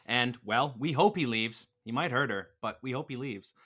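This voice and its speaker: Bright, combative man arguing. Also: medium pitch, moderate pace. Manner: animated and combative, swearing. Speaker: podcast host arguing the defense. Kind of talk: casual podcast debate.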